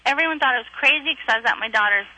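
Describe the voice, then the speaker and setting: Bright husky-voiced woman telling a story. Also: high voice, rapid-fire, no room sound, low-quality recording. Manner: breathless, chatty, acts out the people she quotes. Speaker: celebrity guest, actress and comedian. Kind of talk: animated storytelling on a radio show.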